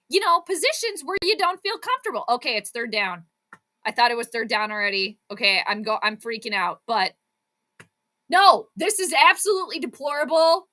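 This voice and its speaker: A woman hosting a live watch-along sports commentary, chatting with viewers and breaking into excited, frustrated outbursts. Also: on the high side, normal speed. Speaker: fan channel host.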